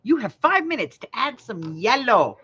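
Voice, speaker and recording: A woman's voice: on the high side, big pitch swings, moderate pace, a bit bright, husky, lo-fi sound. A woman hosting a casual live craft class, playful and joking, laughing often. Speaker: crafting livestream host.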